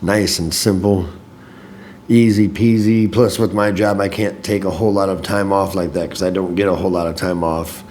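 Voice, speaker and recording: Host, male, from Illinois, lowish voice, loose profane monologue, slight room hum. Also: fairly even intonation, moderate pace, a little mellow. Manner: rambling, profane, self-deprecating. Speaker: podcast host. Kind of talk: casual monologue recap.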